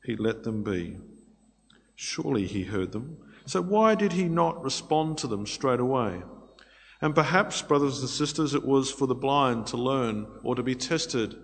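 Male preacher, expressive delivery moving between loud pleading and quiet asides, long hall reverb. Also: mid-range voice. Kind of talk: sermon.

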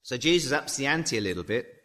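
A man's voice: medium pitch, animated, quick pace, bright, forceful tone. A man preaching a sermon in a chatty way, adding tag questions and acting out the dialogue of the story. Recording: long hall reverb.

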